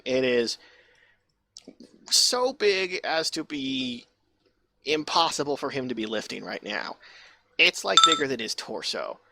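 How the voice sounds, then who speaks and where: A man's voice: medium pitch, bright, forceful tone, no room sound. A man narrating a tabletop game as game master, casual and rambling, swearing freely.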